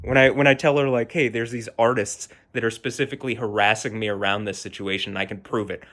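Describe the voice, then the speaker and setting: A man's voice: on the low side, steady tone, fast talker, fairly bright tone. A man vlogging an agitated, heated rant, shaking with anger and repeating himself. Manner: agitated, heated, repetitive, swearing. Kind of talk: angry personal rant to camera.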